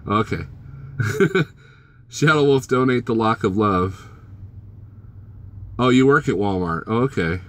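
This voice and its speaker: A man's voice: on the low side, lively intonation, slow, long pauses, a bit bright. A man vlogging as a truck driver, casually chatting and joking with his live-stream viewers and teasing them by name.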